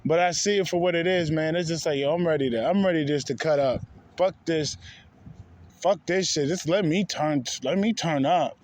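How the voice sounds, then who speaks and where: Fed-up man ranting, slightly high voice. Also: normal speed, a little mellow, a little hiss or hum. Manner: heated, profane, repetitive, says bro often. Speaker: spiritual vlogger. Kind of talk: casual rant to camera.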